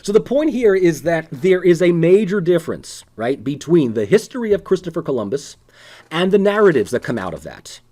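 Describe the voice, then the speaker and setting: Animated, lively-voiced male lecturer. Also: fairly high pitch, fairly quick. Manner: animated, conversational, sarcastic asides. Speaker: political science lecturer. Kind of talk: casual recorded lecture.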